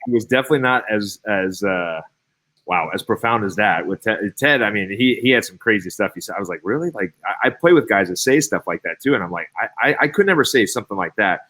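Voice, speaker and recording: A man in his thirties from Cincinnati, a former ballplayer, telling stories as a guest in a casual interview, animated and full of fillers and restarts. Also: lowish voice, fast talker. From Cincinnati, Ohio. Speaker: guest, former baseball player.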